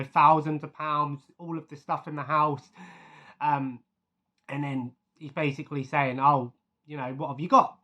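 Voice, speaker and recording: A man's voice: on the high side, fairly bright tone. A man in casual chat, rambling through his favourite scenes with many fillers and chuckles. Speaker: vlogger.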